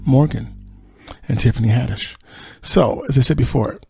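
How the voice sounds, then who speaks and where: A man's voice: mid-range voice, moderate pace, gravelly, a little mellow, soft background music. A man hosting a podcast, recapping a TV episode in a rambling, casual way with fillers and chuckles. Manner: rambling retelling with fillers and laughs. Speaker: podcast host.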